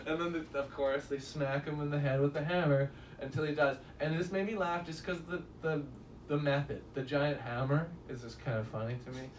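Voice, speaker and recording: A man's voice: fairly high pitch, fairly even intonation, a little fast, hardly any pauses, recorded from a distance. A man giving a casual spoken movie review, rambling and swearing often and laughing at his own stories. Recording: roomy echo, voice a bit off-mic, faint room noise.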